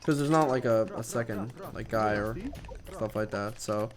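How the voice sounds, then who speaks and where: A man's voice: on the low side, moderate pace, a crowd in the background. A man giving casual, rambling commentary over his strategy game, swearing now and then, with game music behind him. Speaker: gameplay commentator.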